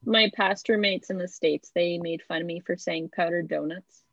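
A woman's voice: on the low side, fairly even intonation, moderate pace, vocal fry, a bit bright, no room sound. A Canadian woman guest on a video call, chatting casually and giggling easily as she tells stories. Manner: easygoing, giggly storyteller. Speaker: podcast guest. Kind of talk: casual chat. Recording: dull lo-fi call audio, dry.

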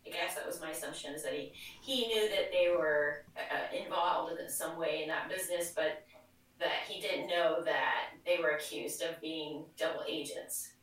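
Bright lively woman in an echoey room. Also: sits low, moderate pace. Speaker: podcast co-host. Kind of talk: casual chat. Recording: roomy echo from a distance.

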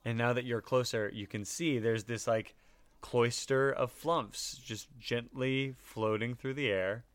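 A man's voice: medium pitch, steady tone, measured pace, no echo. A man narrating as game master of a tabletop game in a casual, laughing way, with lots of fillers.

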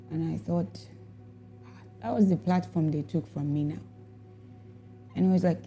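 A woman's voice: lowish voice, steady tone, unhurried, long pauses, dark tone, faint music behind. A woman telling a personal testimony about serving as a worship leader, reflective and emotional, repeating herself as she goes. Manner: reflective, emotional storytelling with repetitions.

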